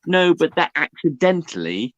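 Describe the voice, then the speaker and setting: A man from the North of England, a podcast guest, speaking in a measured, defensive way in casual chat. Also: fairly high pitch, big pitch swings, fairly bright tone, dry recording, muffled recording.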